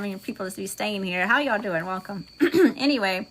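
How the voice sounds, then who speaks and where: A woman with a Southern US accent, a tarot reader hosting a livestream, moving between chatty, folksy talk with viewers and a calm guided meditation. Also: medium pitch, moderate pace, few pauses. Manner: folksy, chatty, says y'all often.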